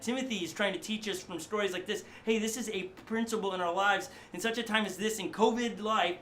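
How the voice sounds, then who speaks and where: A middle-aged male pastor preaching a sermon in a studio, animated and conversational, often acting out voices. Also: sits high, a little fast, hardly any pauses, a little hiss or hum.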